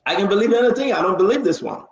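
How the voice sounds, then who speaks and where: Emphatic host, echoey lo-fi sound. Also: male voice, high voice, animated, racing. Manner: emphatic, insistent. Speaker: talk show host. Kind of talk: political talk-show discussion. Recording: echoey, dull lo-fi stream audio.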